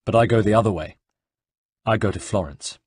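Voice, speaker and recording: A man voicing a calm, guarded male assassin who speaks curtly, in a dry, husky recording. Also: lowish voice, fairly quick, no echo. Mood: resolute.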